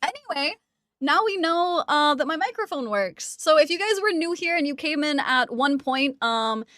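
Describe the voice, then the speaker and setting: A woman's voice: high-pitched, lively intonation, normal speed, a bit bright, dry recording, clean studio sound. A woman streaming live from home on a wireless mic, chatting casually and giggling as she coos baby talk to her cat.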